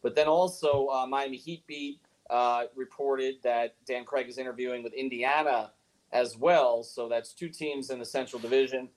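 A man's voice: medium pitch, fairly even intonation, moderate pace, rough recording. Brief: male podcast host, easygoing, moves the show along. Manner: laughs easily, moderates topics. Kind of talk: casual sports chat.

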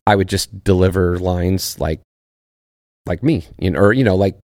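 Deep-voiced man, laid-back podcast guest. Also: moderate pace, a little mellow, dry recording, clean studio sound. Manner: laid-back and profane, searching for words. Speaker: podcast guest, actor and former soldier. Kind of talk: casual podcast chat.

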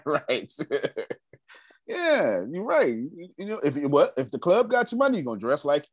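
Man, motivational meeting leader: emphatic, preachy, slangy, animated delivery, dry sound. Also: fairly high pitch, unhurried, breathy edge, no echo. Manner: emphatic, preachy, repeats phrases, casual slang. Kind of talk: motivational talk to a group.

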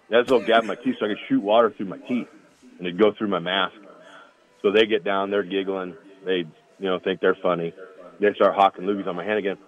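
A former college football lineman telling rambling stories over the phone, laughing as he goes. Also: deep voice. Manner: rambling, laughs through anecdotes. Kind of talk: casual storytelling. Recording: tinny phone line.

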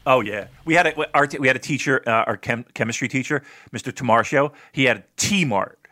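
Jersey guy hosting a podcast, bright punchy voice, swears a lot and spins stories. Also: medium pitch, brisk. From New Jersey. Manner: animated, swearing, storytelling, laughing often. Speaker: podcast host. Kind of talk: casual podcast chat.

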